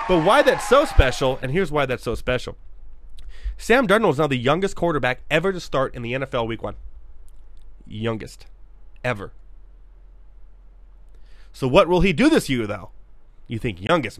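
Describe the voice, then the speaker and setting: Excitable male podcast host, animated swooping delivery, dry close sound, hyped rants. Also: medium pitch, no room sound. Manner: excitable and hyped, bursts into shouts. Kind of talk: fantasy football podcast rant.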